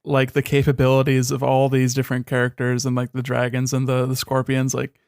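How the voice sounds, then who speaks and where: A young podcast co-host with a smooth, clear voice and a sardonic, profane way of griping. He often sinks into quiet, dismissive mutters. The sound is dry and close to the mic. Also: completely flat delivery, fairly quick, dry recording. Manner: sardonic, swearing, trails off into low mutters. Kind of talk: casual chat.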